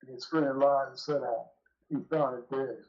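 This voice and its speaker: A man's voice: mid-range voice, steady tone, moderate pace, dull audio. A man calling in as a guest, telling a rambling story in casual, profane talk, sounding aggrieved. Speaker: call-in guest. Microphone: phone call.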